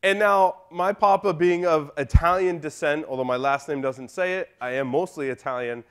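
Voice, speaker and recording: A man speaking at a conference, telling a story to the crowd in a loose, joking way. His voice sits a little high for a man. He talks right to the people in the room. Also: normal speed, clean tone. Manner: casual and joking, talks to the audience. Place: conference hall.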